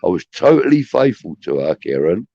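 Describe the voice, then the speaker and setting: A man's voice: low voice, sing-song, normal speed, mellow, no room sound. A middle-aged man, hosting a podcast and rambling through chatty, swear-laden anecdotes. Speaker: podcast host. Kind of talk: casual storytelling. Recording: dull, muffled audio.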